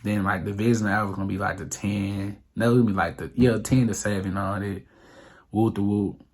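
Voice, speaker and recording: A man's voice: lowish voice, little pitch movement, fairly quick. A young man telling a rambling, profane storytime on his vlog, full of fillers. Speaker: vlogger. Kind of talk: casual storytime monologue.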